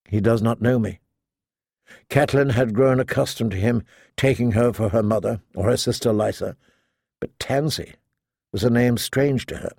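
A man narrating a fantasy audiobook in a measured, even storytelling manner. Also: mid-range voice, vocal fry, breathy edge, no room sound, studio quality.

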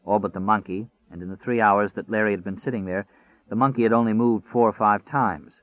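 Low-voiced man reading an audiobook. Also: fairly even intonation, dry recording. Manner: measured, deliberate reading. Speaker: audiobook narrator. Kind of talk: scripted audiobook narration. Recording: dry, phone-like narrow sound.

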